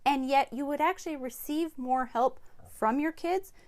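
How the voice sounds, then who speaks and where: This is an upbeat woman in her forties co-hosting a casual family podcast. Her voice sits a little high and she leans hard on key words. She laughs easily between her points. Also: moderate pace, a little mellow. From United States. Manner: upbeat, emphatic, laughs often. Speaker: podcast co-host, parent.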